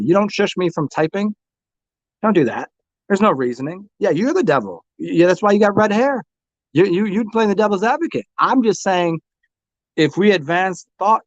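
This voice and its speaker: A man's voice: high-pitched, no echo. A man hosting a livestream, arguing with chat viewers and repeating himself with frequent stammers. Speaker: livestream host. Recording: dull, lo-fi dry home recording.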